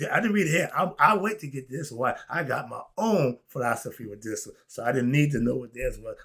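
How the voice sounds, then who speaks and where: Excitable, husky man on a bright tone. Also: medium pitch. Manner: excitable, rhetorical, asks questions and answers them. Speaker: host. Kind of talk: animated spiritual commentary vlog.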